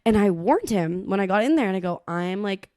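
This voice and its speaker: A woman's voice: medium pitch, fairly quick, dry recording. A young woman co-hosting a podcast in casual chat, telling stories with lots of acted-out quotes and frequent laughter. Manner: animated storytelling, acts out quotes, laughs often. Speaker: podcast co-host.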